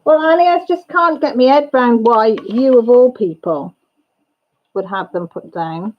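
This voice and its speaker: A woman's voice: a little high, a little slow. A woman hosting a casual livestream chat, greeting viewers by name and chatting with her family off-camera. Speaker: livestream host and mother. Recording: dull lo-fi audio.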